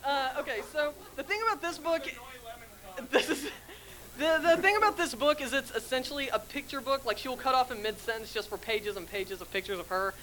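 A woman's voice: high voice, a little fast, a bit bright, rough recording. A woman reading on stage at a comedy event, giggly, with wry asides to the crowd. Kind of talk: comic live reading.

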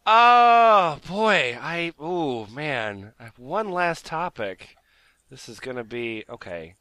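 A man hosting a comedy podcast, excitable and prone to loud outbursts. His pitch swings widely and runs a little high. The sound is dry, with no room around it. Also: slow pace, smooth, dry recording. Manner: excitable, bursts into loud jokes and laughter. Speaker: podcast host.

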